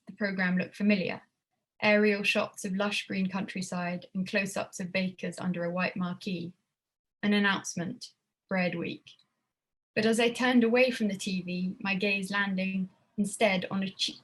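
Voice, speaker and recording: Woman reading prose, measured and wry. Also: medium pitch. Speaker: student writer reading her work. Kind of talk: prose reading at a literary evening.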